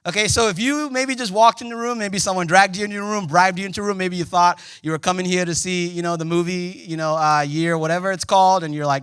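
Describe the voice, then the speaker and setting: A young man preaching a sermon in a church, conversational and joking, with sudden loud emphasis. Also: high voice, fast, clear, resonant tone, dry recording, studio quality. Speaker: pastor. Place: church auditorium.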